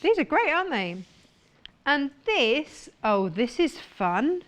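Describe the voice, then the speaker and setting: A woman's voice: high voice, big pitch swings, takes it slowly. Gushing woman presenting products. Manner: enthusiastic, gushing over products. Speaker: shopping channel presenter. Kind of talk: live TV sales presentation. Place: TV studio.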